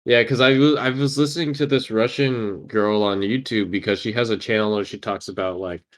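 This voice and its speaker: A man's voice: lowish voice, steady tone, brisk. A young man co-hosting a podcast, bantering casually and laughing easily, lots of fillers. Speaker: podcast co-host.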